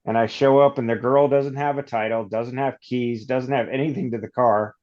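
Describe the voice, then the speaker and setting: A man from Northern California, a podcast guest, telling long rambling stories in a casual, animated way. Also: mid-range voice, normal speed, lo-fi sound. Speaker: podcast guest, off-road shop owner. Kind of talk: casual storytelling.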